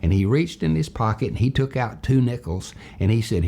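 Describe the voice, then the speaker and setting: An older man from Tennessee, husky voice, telling a childhood story as a character lesson in a folksy, animated way. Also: medium pitch, fairly quick, hardly any pauses. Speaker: storyteller teacher.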